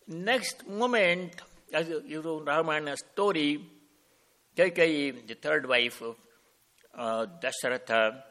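A man giving a devotional discourse as a spiritual teacher, telling a sacred story slowly and calmly and explaining Sanskrit terms as he goes. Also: mid-range voice.

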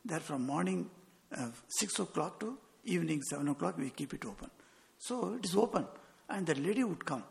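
A man's voice: fairly high pitch, lively intonation, a little fast, creaky. A man, a monk giving a sermon with earnest storytelling and quoted dialogue. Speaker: monk giving a spiritual talk. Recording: long hall reverb.

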